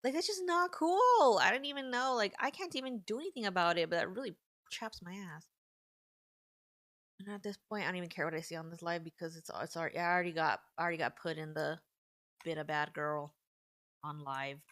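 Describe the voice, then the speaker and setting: A woman in her thirties hosting a casual live stream, talking in an animated, indignant way and saying "like" often. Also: lowish voice, quick pace, no echo, clean studio sound. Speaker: livestream host.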